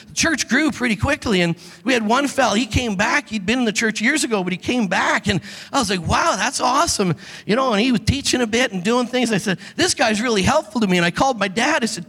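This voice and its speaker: A middle-aged man preaching as a pastor, telling animated stories and acting out the lines he quotes. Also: extremely high pitch, a little fast, slightly rough. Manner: animated storytelling, acts out quotes. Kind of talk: sermon. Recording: long reverb of a hall.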